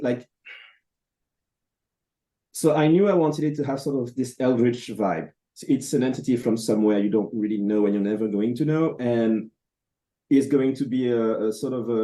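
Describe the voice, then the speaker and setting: A man, a comic book creator, answering interview questions over a video call in a thoughtful, halting way with many fillers and restarts. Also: fairly low pitch, mellow.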